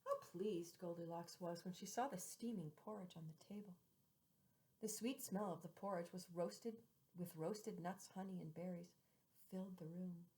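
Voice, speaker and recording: On a low-quality recording, a woman with a lowish voice reads a fairy tale aloud, stretching out repeated phrases and whispering certain words.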